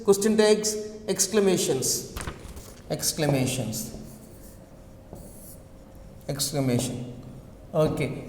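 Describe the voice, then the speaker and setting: A male teacher giving a classroom lecture, dictating slowly and repeating key terms, and often checking on his students with "okay" and "right.". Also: sits high, a little mellow, roomy sound, long reverb tail, a little hiss or hum.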